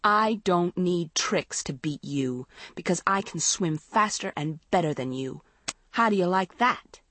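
Storybook: bitter, accusing teen girl, voiced by a woman narrator; husky, dry read. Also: lowish voice, animated, measured pace, fairly bright tone, no echo. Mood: angry. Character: angry accusing teenage girl swimmer.

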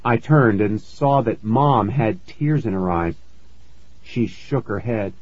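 A man narrating a first-person story in a measured storytelling manner, on a dull, lo-fi recording. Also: lowish voice, a little mellow, husky, no room sound. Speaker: audiobook narrator.

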